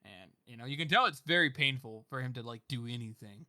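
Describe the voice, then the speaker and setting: Bright, rambling male podcast co-host. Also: mid-range voice, expressive, quick pace, no room sound, clean studio sound. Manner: rambling with many fillers, swears, laughs often. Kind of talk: casual book discussion chat.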